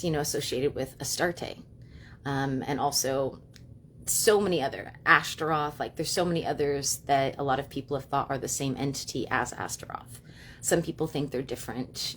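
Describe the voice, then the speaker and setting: A young woman hosting a live stream from home, talking quickly and casually with lots of "you know" and "like". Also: low-pitched, a little hiss or hum. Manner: fast, chatty, many fillers like "you know" and "like". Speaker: livestream host and witch.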